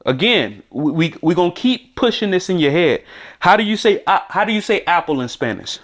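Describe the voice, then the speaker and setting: Very animated and brisk, a man from the United States with a high-sitting, fairly bright voice runs a casual podcast lesson on beginner Spanish words. He thinks aloud as he goes and repeats words for listeners to echo.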